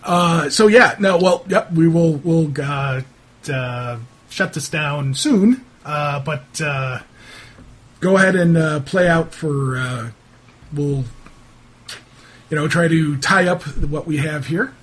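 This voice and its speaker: Husky-voiced man running a tabletop game. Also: a little high, slow pace, a bit bright. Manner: hesitant, filler-heavy. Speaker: game master.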